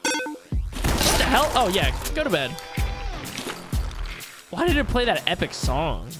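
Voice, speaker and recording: A man streaming a video game live, talking to his chat with loud excited outbursts and lots of swearing. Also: high-pitched, a little slow, loud music behind the voice. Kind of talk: live gameplay commentary.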